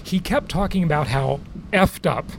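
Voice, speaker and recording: Chatty male podcast host, slightly high voice. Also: moderate pace, slight background noise. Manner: chatty, laughs often, storytelling. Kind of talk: casual monologue and interview. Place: aboard a cruise ship.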